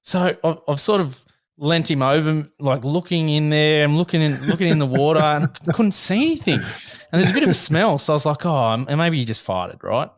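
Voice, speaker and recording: Hoarse Australian man telling stories. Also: on the high side, brisk, no room sound, clean studio sound. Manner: animated storytelling, laughs through it. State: hoarse from illness. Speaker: podcast host. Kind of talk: casual chat.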